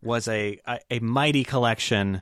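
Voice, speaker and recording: A man hosting a podcast in casual chat, expressive and quick with affirmations, laughing often. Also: mid-range voice, dry recording, studio quality. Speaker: podcast host.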